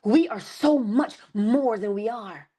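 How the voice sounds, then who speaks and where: A woman giving a passionate spiritual motivational talk, slowing down and stretching key words for emphasis. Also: fairly high pitch, warm tone, breathy edge. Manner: passionate, preachy, rising and falling emphasis. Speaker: inspirational speaker.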